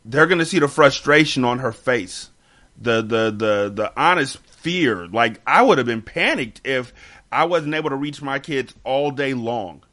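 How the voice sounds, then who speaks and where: A man's voice: medium pitch, expressive, measured pace, sharp tone. A man hosting a casual podcast chat, talking emphatically and repeating words as he gets heated. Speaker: podcast host.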